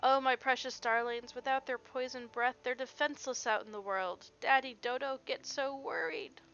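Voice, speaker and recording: A woman's voice: high voice, fairly even intonation, moderate pace, a bit bright, clear, resonant tone, soft background music. A woman reading as a doting dodo keeper. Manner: fond, gushing over his birds. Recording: dull lo-fi home recording.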